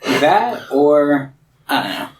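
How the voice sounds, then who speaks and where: A man's voice: fairly high pitch, big pitch swings, poor audio. Hesitant man groping for words. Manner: hesitant, halting, many fillers. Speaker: podcast co-host. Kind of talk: casual movie-review chat.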